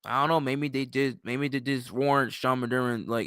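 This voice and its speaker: A man's voice: medium pitch, steady tone, moderate pace, hardly any pauses, a bit bright, clear, resonant tone, no echo, studio quality. A sleepy man hosting a late-night livestream, rambling and ranting with plenty of swearing. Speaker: livestream host.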